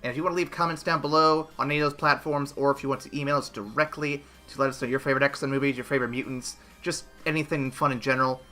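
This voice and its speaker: A man hosting a casual podcast chat, playful and energetic, cracking jokes as he runs the show. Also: medium pitch, rapid-fire, few pauses, soft background music. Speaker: podcast host.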